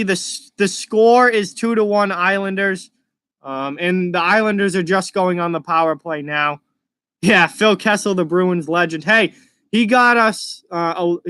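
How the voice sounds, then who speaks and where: A young man with a mild Massachusetts accent talks casually through a live hockey reaction stream, breaking off to answer questions from the chat. His voice sits high and bright. The sound is dry and close. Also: smooth, dry recording.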